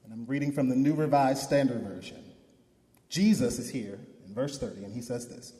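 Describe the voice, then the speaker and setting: A man's voice: medium pitch, moderate pace, mellow. A male pastor preaching a sermon, leading the congregation in call-and-response with rising, emphatic declarations. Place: church sanctuary. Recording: echoey hall.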